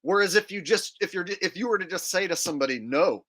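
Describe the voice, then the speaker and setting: A man with a bright, forceful voice and a fairly high pitch for a man hosts a loose open-panel chat over a video call. He tells stories in an animated way, acting out movie lines as he goes. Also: quick pace. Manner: animated storyteller, acts out quotes. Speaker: host.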